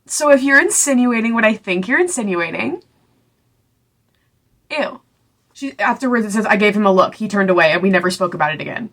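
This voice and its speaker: A young woman casually recapping a book, sarcastic and chatty, acting out the characters' lines in quick little voices. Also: mid-range voice, lively intonation, a bit bright. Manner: sarcastic, chatty, full of "like" and asides. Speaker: book reviewer.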